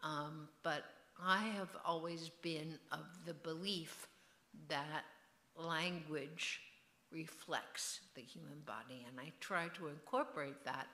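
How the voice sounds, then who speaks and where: A woman's voice: low voice, slow, sharp tone, reverberant. A woman author in an onstage festival conversation, musing and digressive, with a rhythmic way of speaking. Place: event hall.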